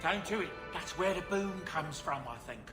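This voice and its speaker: A man's voice: high-pitched, animated, normal speed, music in the background. An actor playing an aging dwarf manservant in a game, chatty and fatherly, rambling along with chuckles. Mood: fond. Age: older.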